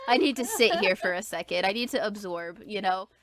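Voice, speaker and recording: A young woman co-hosting a podcast, chatting casually and rambling, with many fillers, restarts and lively quoted asides. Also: medium pitch, brisk. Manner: animated when quoting people. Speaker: podcast co-host. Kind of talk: casual chat.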